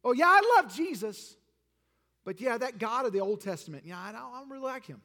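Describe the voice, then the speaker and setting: A man's voice: very high voice, very animated, brisk, sharp tone, pitched above the performer's own voice, exaggerated voice. A man voicing a breezy, self-assured religious man who talks in a glib, dismissive way. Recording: long hall reverb.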